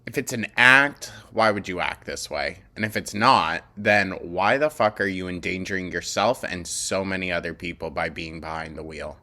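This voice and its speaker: A man's voice: sits low, moderate pace, few pauses, pushed and bright. A man hosting a reaction commentary, blunt and sarcastic, cutting in with exasperated remarks. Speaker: commentary host.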